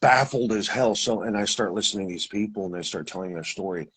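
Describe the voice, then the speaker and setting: A man with a husky voice, telling his experience in a casual, rambling way, with restarts and acted-out quotes. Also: lowish voice, fast talker, a bit bright, poor audio. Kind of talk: casual storytelling.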